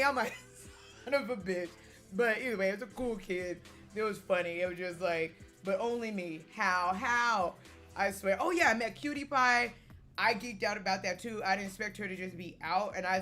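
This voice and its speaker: A young woman vlogger telling a story in a casual, animated way, acting out the quotes and laughing often. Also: mid-range voice.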